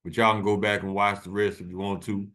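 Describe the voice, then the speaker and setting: A man's voice: on the low side, level tone, fast, a bit bright. A man hosting his channel, giving a preachy commentary over video clips in a casual, emphatic way and hammering on key words. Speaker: channel host.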